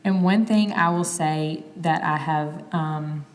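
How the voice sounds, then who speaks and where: A woman's voice: sits low, slow pace, in a large hall, a little hiss or hum. A mother in her thirties giving a plainspoken, conversational talk on family communication. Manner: conversational, plainspoken, gently quotes examples.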